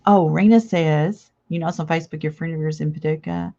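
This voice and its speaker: A woman's voice: low voice, fairly quick, dark tone, lo-fi sound. An older woman hosting a casual live craft chat, chatty and reading viewer comments aloud with frequent laughs. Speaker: craft channel host.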